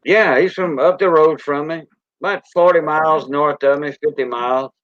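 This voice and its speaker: A man's voice: fairly high pitch, fairly even intonation, moderate pace, fairly bright tone, no room sound. A man from the Louisiana Gulf Coast with a Cajun accent, hosting a casual, rambling live-stream chat in a folksy way. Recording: dull lo-fi stream audio.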